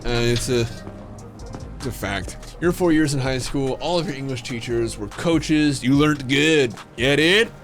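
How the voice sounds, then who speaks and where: A man's voice: mid-range voice, unhurried, soft background music. A man hosting a livestream, telling a story in a loose, casual way. He swears freely and fills his talk with fillers and restarts. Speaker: livestream gamer host.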